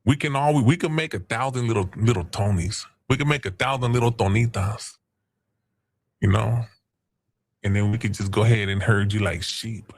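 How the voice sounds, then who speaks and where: A man's voice: lowish voice, normal speed. A man hosting a casual livestream, taunting chat users in crude, profane slang. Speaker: stream host.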